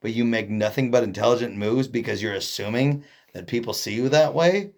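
A man's voice: medium pitch, brisk, darkish tone. A man from Oregon co-hosting a podcast in casual chat, rambling and joking, often trailing off mid-sentence. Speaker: podcast co-host.

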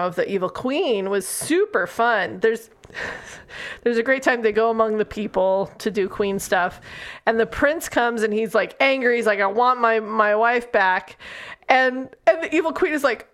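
A woman's voice: medium pitch, fairly bright tone. A woman co-hosting a podcast, chatting casually about a book and laughing often as she acts out characters' lines. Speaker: podcast co-host.

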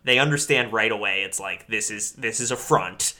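A man's voice: on the low side, moderate pace, over a noisy crowd. A man co-hosting a podcast, chatting casually about a movie. He swears freely and slips into goofy voices for the characters. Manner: animated, profane, does silly impressions of characters. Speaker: podcast co-host. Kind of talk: casual chat recapping a movie.

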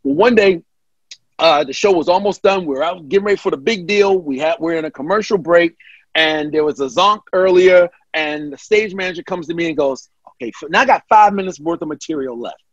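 Lively man telling stories. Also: a little high, a little fast, dry recording, dull audio. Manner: animated, acts out quoted voices. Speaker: guest comedian. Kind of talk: casual storytelling.

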